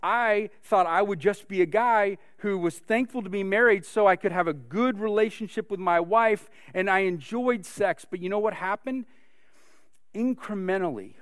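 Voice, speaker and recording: Preaching in a voice that sits high, this pastor is earnest, poses many rhetorical questions and frequently restarts his sentences. The sound is clean studio audio without room sound.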